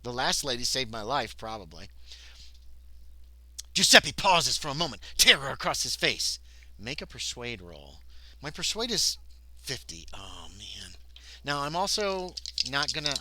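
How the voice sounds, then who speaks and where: Bright, lively man streaming a solo game. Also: medium pitch, slight background noise, rough recording. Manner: chatty, reads text aloud, thinks out loud. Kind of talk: casual livestream narration of a solo tabletop game.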